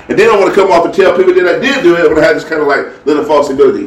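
His voice sits a little high and races along as he tells a faith story casually, bringing the quoted people to life with lively impressions. Faint background noise and a roomy, far-off mic color the recording.

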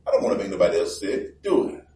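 Joking preacher in a roomy hall. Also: male voice, sits low, steady tone, fast talker, warm tone. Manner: conversational and joking, acts out little voices. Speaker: pastor. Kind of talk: sermon. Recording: roomy, distant mic with faint background noise.

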